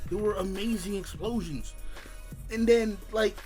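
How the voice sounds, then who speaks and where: A young man hosting an anime reaction channel, ranting casually in profane slang and breaking into shouts and laughs. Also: high voice, a little slow, faint music behind. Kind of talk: casual reaction review rant.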